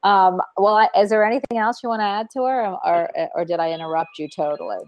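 An effusive woman hosts a call-in radio show and laughs easily as she chats. Her voice sits at an ordinary middle pitch. The sound is dry and close, with no room echo. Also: quick pace, lo-fi sound. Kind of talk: casual call-in show chat.

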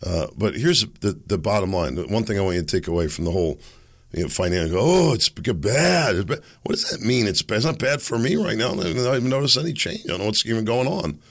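Hoarse raspy man rambling on a podcast. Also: on the low side, animated, quick pace, a bit bright. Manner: rambling, hesitant, self-mocking. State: hoarse, losing his voice. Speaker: podcast host. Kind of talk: casual solo commentary.

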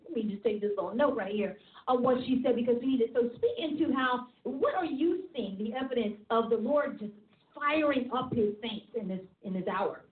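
A woman hosting a faith talk show, preaching in an animated, fired-up way and laughing often. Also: on the high side. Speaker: host and preacher. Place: office studio. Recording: tinny phone-like sound in an echoey room.

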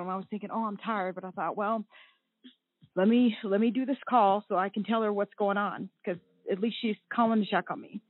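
Woman in her forties, emotional guest account, husky voice, tinny phone line, dry sound. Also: medium pitch, no echo. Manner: emotional, tearful at times. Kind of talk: personal account on a talk show.

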